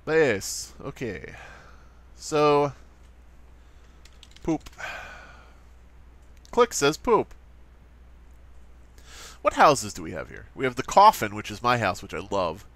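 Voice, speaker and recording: A man's voice: mid-range voice, big pitch swings, takes it slowly, pauses often, pushed and bright. A man doing playful, sarcastic let's play commentary while playing and talking straight to his viewers. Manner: sarcastic, jokey, talks to viewers. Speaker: gaming commentator.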